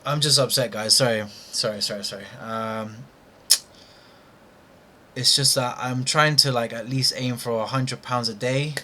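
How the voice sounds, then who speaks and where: A man's voice: medium pitch, steady tone, a little slow, pauses often, pushed and bright, a little hiss or hum. A young man commenting on his own live trading session, frustrated and scolding himself aloud over a missed trade.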